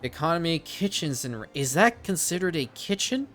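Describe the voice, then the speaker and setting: A man's voice: fairly high pitch, very animated, normal speed, fairly bright tone, soft background music. A man hosting a strategy game let's play, thinking aloud and swearing casually as he plays. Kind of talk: casual gameplay commentary.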